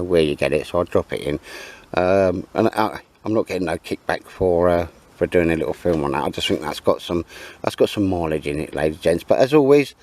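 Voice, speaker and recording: A man's voice: deep voice, a little mellow. A British man chatting casually to camera in a camping vlog from the woods, rambling with cheeky asides. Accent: British English. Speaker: outdoor vlogger. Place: outdoors in woods at a camp.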